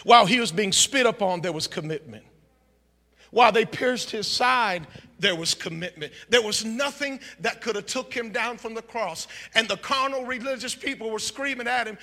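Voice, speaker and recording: High, fiery shouting preacher man. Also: normal speed, long reverb tail. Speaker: pastor. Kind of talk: sermon. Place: church sanctuary.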